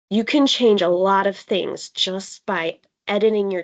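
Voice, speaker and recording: A woman running a live online workshop for a youth group, talking the participants through design basics. Her voice sits at a middle pitch, and she speaks casually with fillers and deliberate pauses for emphasis, as if over a video call. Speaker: workshop facilitator.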